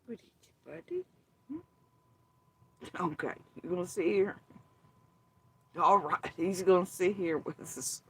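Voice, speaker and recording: A woman chatting casually, sarcastic and slow, swearing freely and mocking others. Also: fairly low pitch, animated, fairly bright tone, a little hiss or hum. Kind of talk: casual chat.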